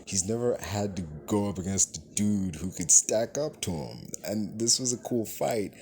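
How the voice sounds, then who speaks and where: A man's voice: on the low side, moderate pace, slight background noise. A man giving a casual, profane movie review, ranting in an exasperated way and acting out what the characters say. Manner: animated, profane, exasperated rant with acted-out quotes.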